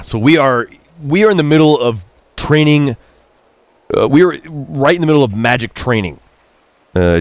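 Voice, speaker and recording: In casual stream commentary, a man reads and translates lines from a Japanese game, poking fun at himself, pitching up for quotes and down for asides. His intonation is lively, his pace unhurried, with long pauses.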